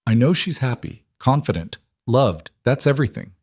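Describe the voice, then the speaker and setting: A man voicing a calm, assured mafia boss with a dry, amused manner in an audiobook. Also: medium pitch, normal speed, slightly rough, dry recording, pitched above the performer's own voice. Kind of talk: audiobook character voice.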